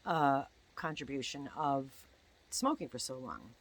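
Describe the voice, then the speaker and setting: A woman's voice: a bass voice, lively intonation, measured pace, breathy edge. A woman in her sixties, a crochet vlogger, rambling in casual chat at home and often breaking off her own sentences. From United States. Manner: chatty, meandering, self-interrupting.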